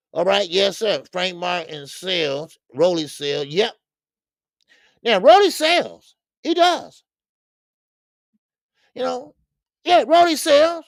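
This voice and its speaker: A man hosting a boxing talk stream, speaking casually and loudly, cursing freely, repeating himself and reading viewer comments aloud. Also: very high-pitched, gravelly, dry recording, clean studio sound. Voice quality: loud, animated, profane, repeats himself. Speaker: boxing show host.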